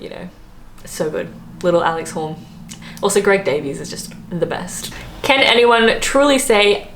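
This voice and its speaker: A woman's voice: mid-range voice, fairly bright tone, slight background noise. A young Australian woman vlogging to camera in a casual, self-mocking chat, her accent drifting toward British. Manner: chatty, self-mocking, laughs often, many fillers.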